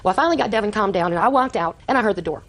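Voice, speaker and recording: Rapid-talking grandmother. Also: mid-range voice, animated. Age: older. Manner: rapid, breathless storytelling, acting out quoted exchanges. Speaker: litigant. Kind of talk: courtroom testimony.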